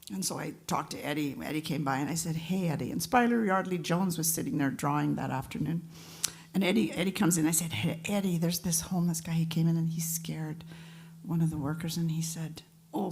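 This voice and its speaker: A woman, a singer, telling a story between songs at a live event and acting out the voices of the people in it. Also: on the low side. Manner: lively anecdotal, acts out quoted voices.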